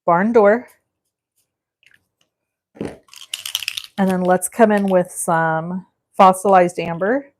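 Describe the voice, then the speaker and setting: A woman in her forties hosts a live crafting session from her home craft room. She talks to her viewers in an easy, chatty way and takes her time, letting her words come slowly. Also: fairly low pitch, slight background noise. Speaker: card-making host.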